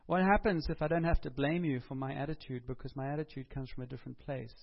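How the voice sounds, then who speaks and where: A man's voice: mid-range voice, steady tone, quick pace, gravelly. A man preaching a sermon in an earnest, conversational way, asking his listeners rhetorical questions. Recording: dull lo-fi recording.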